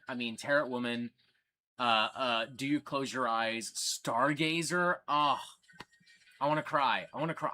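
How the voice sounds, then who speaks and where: A man's voice: medium pitch, bright, forceful tone, slight background noise. A man hosting a casual livestream, talking enthusiastically and swearing freely. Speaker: livestream host.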